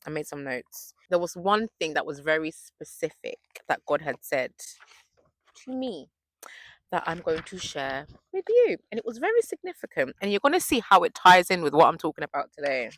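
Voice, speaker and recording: Young woman, faith vlogger: bright, lively, excitable delivery, dry close sound. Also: sits low, normal speed, no echo. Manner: gushing, excitable storytelling. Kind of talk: casual chat to camera.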